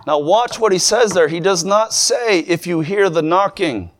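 A man preaching a sermon, fervent and rising to shouts. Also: high voice, lively intonation, measured pace, hardly any pauses.

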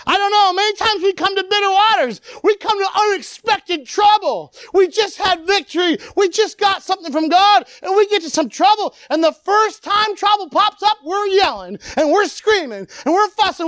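A preacher giving an animated sermon, acting out the people in the story and swinging between loud and quiet. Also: very high-pitched, normal speed, few pauses, no room sound. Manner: animated, acts out the people it quotes.

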